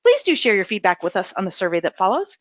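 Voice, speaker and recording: A woman's voice: medium pitch, wildly swooping pitch, quick pace, no echo. A woman hosting a webinar who sounds upbeat and enthusiastic as she wraps up the session. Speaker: webinar host. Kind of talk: webinar wrap-up announcement. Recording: dull lo-fi webinar audio, dry.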